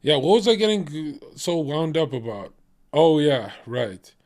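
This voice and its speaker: A man's voice: a little high, very animated, unhurried, darkish tone. A man livestreaming who rants at his chat, swearing freely, combative and laughing often. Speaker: streamer reacting to chat. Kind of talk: casual livestream rant.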